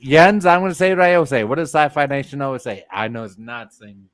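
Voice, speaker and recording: A man's voice: on the high side, fast, no room sound, studio quality. Joking, swearing man. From Michigan, US. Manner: joking, repeats catchphrases, heavy swearing. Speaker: livestream guest. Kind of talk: casual profane banter.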